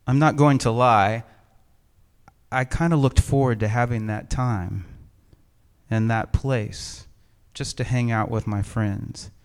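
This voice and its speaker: Man preaching a measured, reflective sermon. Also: medium pitch, fairly even intonation, clear, resonant tone. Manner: measured, reflective storytelling with gentle humor. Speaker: pastor. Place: empty church sanctuary.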